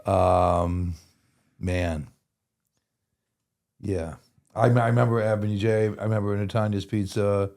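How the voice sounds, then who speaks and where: Rambling, slangy man on the low side. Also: fairly even intonation, slow pace, pauses often, a little mellow. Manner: rambling, restarts words, slangy and candid. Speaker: guest in recovery. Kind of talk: casual conversational storytelling.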